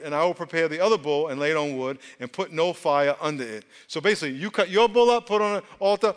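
A man's voice: high-pitched, fairly bright tone, clean tone. A male pastor preaching a sermon, leading the crowd in call-and-response. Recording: long hall reverb.

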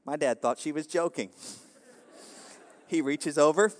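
A man's voice: fairly high pitch, measured pace, long reverb tail. A man preaching a casual, joking sermon, rambling with constant fillers and asides to the crowd. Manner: rambling, jokey, full of "you know" fillers.

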